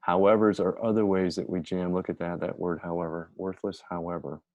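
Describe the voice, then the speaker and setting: A man teaching a casual grammar lesson, talking in a chatty, energetic way and thinking aloud as he goes. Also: deep voice, fairly quick, no echo, lo-fi sound.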